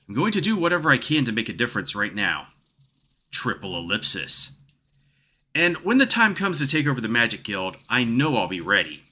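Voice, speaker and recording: A man voicing a gentle, earnest young woman mage from a fantasy game, reading her reflective lines softly. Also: mid-range voice, exaggerated voice.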